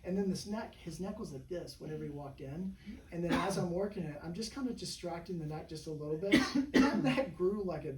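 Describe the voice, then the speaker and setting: A man's voice: high-pitched, lively intonation, fairly quick, a crowd in the background. A man who works as a chiropractor, telling patient stories in a casual interview and rambling with lots of "you know" and "right?". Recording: echoey room, mic at a distance, faint background hum.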